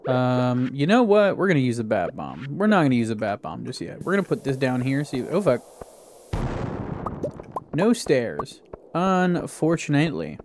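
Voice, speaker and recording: A man giving casual let's-play commentary, excitable, talking back to the game and swearing often. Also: medium pitch, slight background noise. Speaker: gaming YouTuber.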